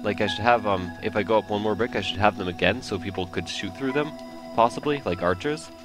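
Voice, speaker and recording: A man's voice: on the low side, a little fast, music in the background. A young man giving casual let's play commentary while he builds, thinking aloud and rambling with self-mocking asides.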